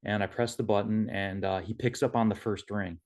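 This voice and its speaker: Low-voiced man telling a story on a call. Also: steady tone, darkish tone. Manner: halting, many fillers and restarts. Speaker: memorial speaker, son-in-law. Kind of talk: casual storytelling. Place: home, on a video call. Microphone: video call.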